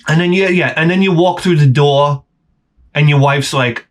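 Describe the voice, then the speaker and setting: Fairly high in pitch and moderately paced, his voice carries a profane, funny rant on his own channel. The forties-aged host jumps from gripe to gripe, grumbling and swearing heavily.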